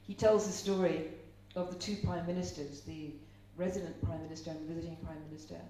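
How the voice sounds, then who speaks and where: A woman's voice: lowish voice, fairly even intonation, fast, dark tone. A middle-aged woman from Ireland giving a live seminar talk, chatty and storytelling, asking the audience questions. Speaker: seminar speaker. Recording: roomy echo, speaker far from mic, faint hum.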